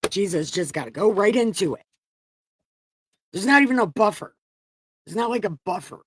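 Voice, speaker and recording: A woman talks to her livestream audience about her Bible reading, candid and a little profane, getting emotional and close to tears. Her voice swings from loud outbursts down to quiet, and the sound is dry and close. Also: medium pitch, expressive, moderate pace, pauses often, slightly rough, no echo. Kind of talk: casual livestream chat.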